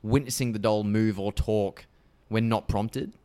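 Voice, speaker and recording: Smooth-voiced man retelling a film. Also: lowish voice, measured pace. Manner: animated retelling, swears freely. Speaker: podcast co-host. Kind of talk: casual film discussion.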